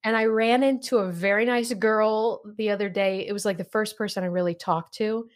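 A woman's voice: medium pitch, steady tone, moderate pace. Chatty laughing woman podcaster. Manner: chatty, laughs often, self-conscious. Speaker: podcast host. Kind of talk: casual chat.

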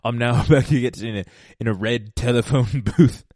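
Man doing a cheerful British bloke, overdone slipping accent, loud, sing-song, giggly, dry sound. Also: mid-range voice, moderate pace, no echo, close to an everyday voice. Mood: hammy. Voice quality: exaggerated, shaky British accent that keeps slipping. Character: hammy, cheerful British man chatting about music.

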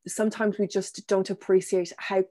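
A woman answering interview questions about self-compassion in a gentle, thoughtful way, pausing with ums and restarting her sentences. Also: medium pitch, little pitch movement. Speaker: guest speaker on self-compassion.

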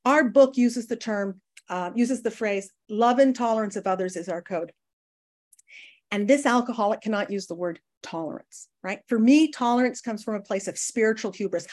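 A woman's voice: a little high, normal speed. Woman sharing her recovery story. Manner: conversational, addresses listeners as guys, frequent tag questions; acts out quoted people with lively voices. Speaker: speaker sharing at a recovery meeting. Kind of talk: personal recovery share.

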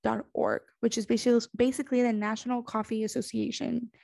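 Sleepy, chatty young woman with a gravelly voice. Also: a little high, flat delivery, brisk, a little mellow, dry recording, studio quality. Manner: chatty, self-deprecating, many fillers and restarts. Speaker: podcast host. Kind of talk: casual solo podcast monologue. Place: home, on a couch.

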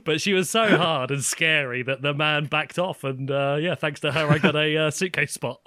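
A man's voice: fairly high pitch, normal speed, sharp tone, no echo, clean studio sound. A man chatting casually in a game of guessing true stories, laughing often and teasing. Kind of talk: casual chat, two truths and a lie game.

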